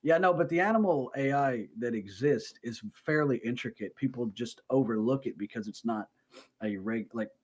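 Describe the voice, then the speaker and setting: A man co-hosting a gaming podcast, chatting casually at a home microphone, joking and rambling through quick asides. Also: medium pitch, breathy edge. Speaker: podcast co-host. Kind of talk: casual chat.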